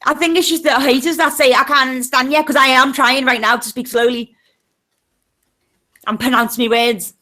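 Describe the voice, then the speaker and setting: A woman's voice: high voice, steady tone, normal speed, pauses often, pushed and bright. A woman with a Liverpool accent, chatting bluntly and swearing freely as a panelist on a group video call. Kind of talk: casual chat.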